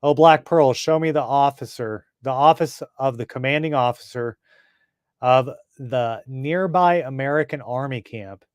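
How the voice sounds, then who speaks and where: A man's voice: mid-range voice, unhurried, clean tone, dry recording, studio quality, close to an everyday voice. A man voicing a servile male henchman in a comic book reading. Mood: commanding.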